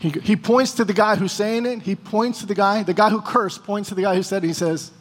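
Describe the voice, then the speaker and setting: A man with a notably high voice tells a sermon story with energy, acting out each exchange. His voice rings with a long reverberant tail, as in a large hall. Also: brisk, a little hiss or hum. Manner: animated storyteller, acting out dialogue. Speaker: preacher.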